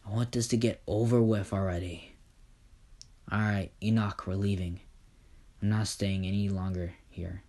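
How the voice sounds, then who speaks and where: Man doing scornful teen Izuku Midoriya, low voice. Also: fairly even intonation, normal speed, warm tone, lightly acted. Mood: cold, scornful. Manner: cold, dismissive. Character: arrogant teen boy, self-declared son of God.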